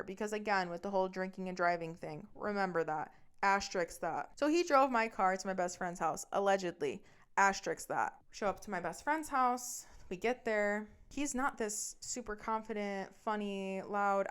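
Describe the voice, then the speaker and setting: A woman's voice: mid-range voice, moderate pace, smooth. A young woman hosting a podcast, telling a personal story in a blunt, exasperated, heavily profane way. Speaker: podcast host. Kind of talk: casual storytelling monologue.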